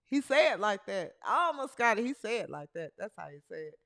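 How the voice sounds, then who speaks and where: A woman's voice: mid-range voice, a little fast, vocal fry, few pauses. A woman hosting a casual livestream podcast, chatting with her live chat and reading out team rosters. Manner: chatty, animated, talks to the live chat and fumbles with her setup. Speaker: podcast host. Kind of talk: casual livestream chat about women's basketball.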